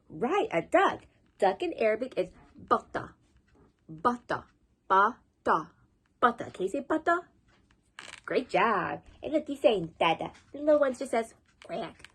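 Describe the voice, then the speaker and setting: A woman leading a children's storytime as librarian, encouraging and sing-song, teaching words slowly. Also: mid-range voice, very animated, slightly rough.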